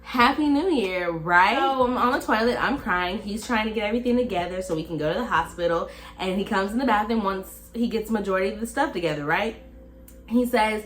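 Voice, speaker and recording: A woman's voice: a little high, moderate pace, faint music behind. A young woman in her twenties, chatting casually to a phone camera as she tells a personal story, rambling and full of fillers. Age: 20s. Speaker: vlogger.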